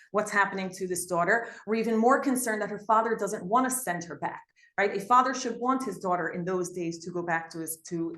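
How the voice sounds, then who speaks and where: A woman teaching a lesson, retelling biblical stories in an animated storytelling way, often checking in with "right?". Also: medium pitch. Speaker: Torah teacher. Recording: echoey room.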